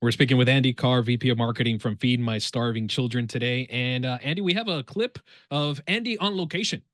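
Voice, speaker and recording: A man's voice: mid-range voice, a little fast, dry recording. A man hosting an interview in a studio, jovial and playful. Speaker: show host.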